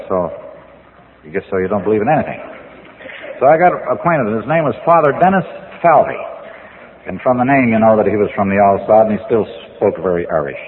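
A man's voice: lowish voice, slight background noise. Guy rambling thru jokes and his drinking story, laughs at his own stuff, tinny old tape in an echoey hall. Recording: tinny narrow-band old recording in a reverberant hall.

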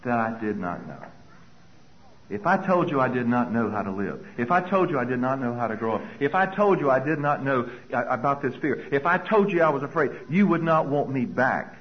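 A man's voice: medium pitch, expressive, fairly quick, muffled recording. A man speaking to an audience, telling personal stories and acting out his own anxious thoughts. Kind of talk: storytelling talk to an audience.

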